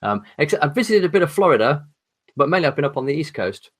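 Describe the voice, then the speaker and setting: An articulate man with an English accent, chatting as a podcast guest, pausing often with ums and restarts. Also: on the high side, very animated. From England. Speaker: podcast guest, horror author. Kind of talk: casual chat.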